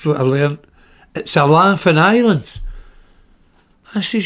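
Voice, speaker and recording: A man's voice: on the high side, lively intonation, takes it slowly, a bit bright. A middle-aged man with a Glaswegian Scottish accent, telling personal stories on his podcast in a blunt, swearing way and acting out the dialogue. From Glasgow, Scotland. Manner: blunt, swears freely, acts out quoted dialogue. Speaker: podcast host. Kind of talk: personal anecdote storytelling.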